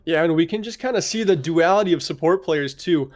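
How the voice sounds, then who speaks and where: A man's voice: a little high, brisk. A young man giving analytical esports commentary, breaking down team fights and asking his co-caster questions.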